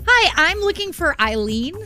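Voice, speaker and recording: High-pitched lady radio cohost, chatty, keeps asking questions. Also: sing-song, normal speed, sharp tone, faint music behind. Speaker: radio show co-host. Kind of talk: morning radio call-in segment.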